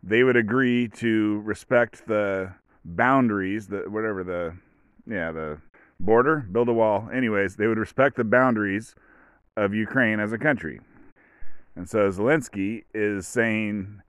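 A man talks through a casual solo podcast in a rambling, offhand way, full of fillers and dry joking asides. His voice sits fairly low and sounds smooth and clear. The sound is dry and close, with no room echo. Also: normal speed, a bit bright. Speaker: podcast host.

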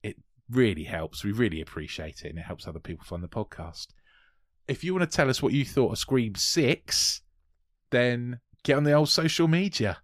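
A man's voice: mid-range voice, animated, moderate pace, dry recording, studio quality. A male podcast co-host rambling through a casual outro, tripping over his words and laughing at himself. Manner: rambling, stumbling over words, self-deprecating.

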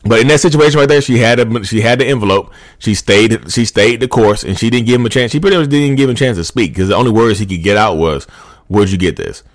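A man's voice: medium pitch, fast, few pauses, no room sound, clean studio sound. A man hosting a podcast, giving advice in a loose, repetitive, conversational way and speaking straight to his listeners. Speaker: podcast host. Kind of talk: casual advice monologue.

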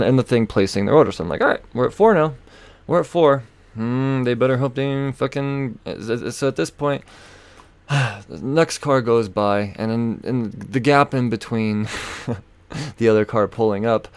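A man's voice: fairly low pitch, darkish tone, no room sound. A man hosting a podcast, telling a story in a casual, profane, exasperated rant. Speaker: podcast host.

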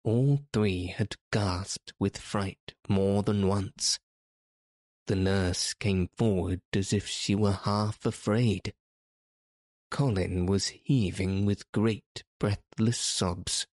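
Deep-voiced, slow male narrator. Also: fairly even intonation, darkish tone, no room sound, studio quality. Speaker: audiobook narrator. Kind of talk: scripted narration.

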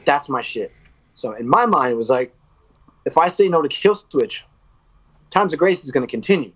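A man's voice: on the high side, expressive, moderate pace, a bit bright, husky. A man from the United States, a guest on a podcast, telling a long story candidly, swearing freely and acting out quoted lines. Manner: acts out quoted speech. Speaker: podcast guest, metal vocalist. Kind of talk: casual storytelling interview. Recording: dull lo-fi audio.

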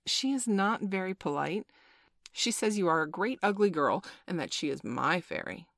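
A woman reading a storybook aloud, voicing a merry, boastful young boy in a raised, lively voice. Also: on the low side, moderate pace, gravelly, no room sound, studio quality, voice pushed up. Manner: bright boyish storybook voice, lively and proud.

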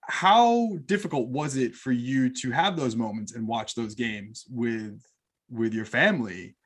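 A man's voice: medium pitch, lively intonation, measured pace, husky. A man in his thirties hosting a podcast, chatty and enthusiastic as he builds long questions for his guest. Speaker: podcast host. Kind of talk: casual interview.

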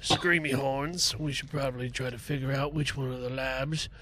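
A man's voice: medium pitch, steady tone, moderate pace, pushed and bright, slight background noise. A man playing a tabletop game, joking and goofing around in character with his friends. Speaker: player. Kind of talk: casual tabletop play.

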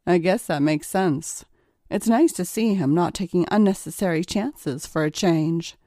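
An affable, helpful wealthy financier speaks, read by a woman in an erotic audiobook. The pace is slow, and the tone is dark and mellow. The recording is close and dry. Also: fairly low pitch, no echo, close to an everyday voice. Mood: agreeable. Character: friendly, sociable wealthy male financier.

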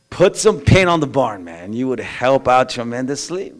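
A man's voice: medium pitch, animated, moderate pace, hardly any pauses. A male pastor preaching a sermon in a blunt, folksy way, full of slang and asides. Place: church.

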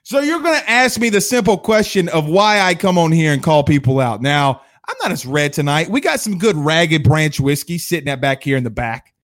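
A man's voice: on the high side, animated, moderate pace. A man from Louisiana hosting a sports livestream, ranting in a combative, sarcastic way. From Louisiana, USA. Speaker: sports show host.

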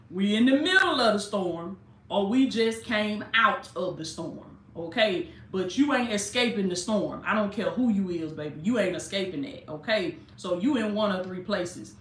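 A woman's voice: mid-range voice, expressive, normal speed, a little hiss or hum. Fervent woman preaching in an echoey room. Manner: fervent preaching with casual direct address. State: jittery from coffee. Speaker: life coach and preacher. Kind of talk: live-streamed sermon.

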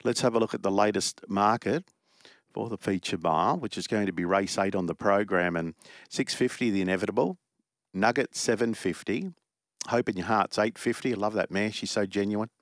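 A man's voice: on the low side, brisk, no echo, clean studio sound. A man hosting a horse racing radio show, chatty and rambling as he reads out betting odds.

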